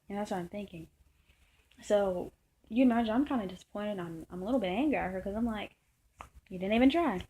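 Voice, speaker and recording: A woman's voice: mid-range voice, a little mellow, a little hiss or hum, low-quality recording. A woman vlogging a long, rambling personal story in a frustrated tone, full of fillers and restarts. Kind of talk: casual storytelling monologue.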